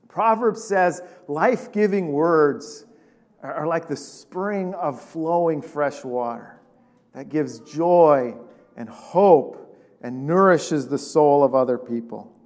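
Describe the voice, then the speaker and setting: A man with a fairly high voice preaches to his congregation. He keeps it loose and conversational and keeps throwing rhetorical questions at the listeners. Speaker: pastor. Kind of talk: sermon.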